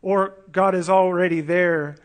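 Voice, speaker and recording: A man's voice: high voice, steady tone, unhurried. A man preaching an expository sermon, earnest and emphatic, stopping to repeat words and ask the listeners questions. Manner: earnest, emphatic, with frequent restarts and rhetorical questions.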